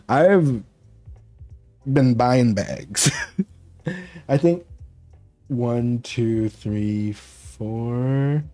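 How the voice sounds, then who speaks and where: Streamer guy, casual chat, giggly, unhurried, swoops up and down a lot, dry close sound with faint music behind. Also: mid-range voice, animated, warm tone, no room sound. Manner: giggly, laughs often, rambling. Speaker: VTuber streamer.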